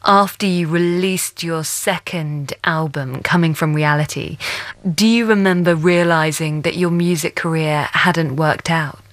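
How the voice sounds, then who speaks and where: A woman host, narrating a scripted story in a measured way and asking interview questions. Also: fairly low pitch, dry recording.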